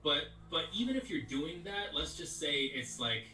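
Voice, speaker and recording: A man's voice: on the high side, big pitch swings, moderate pace, pushed and bright. Rambling man, echoey distant sound. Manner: rambling, leans on "you know what I mean". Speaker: voice actor guest. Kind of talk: casual interview chat. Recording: echoey, distant mic, faint music.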